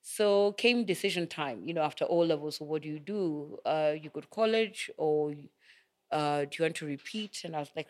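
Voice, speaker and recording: A woman's voice: deep voice, normal speed, a little mellow. Middle-aged woman from Kenya, interview guest, chatty, acts out quotes, laughs easily. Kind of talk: casual interview storytelling.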